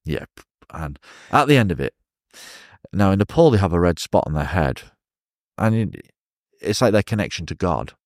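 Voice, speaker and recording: English man, low dry storytelling voice. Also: moderate pace, pauses often, no room sound. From England. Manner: animated storyteller, chuckles often. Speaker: guest, professional wrestler. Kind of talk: casual storytelling interview.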